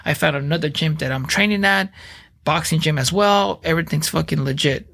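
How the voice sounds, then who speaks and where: A man in his thirties tells his story on a podcast in a slightly high voice. His delivery is blunt and animated, with plenty of profanity in casual speech. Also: brisk, vocal fry. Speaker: podcast guest, veteran.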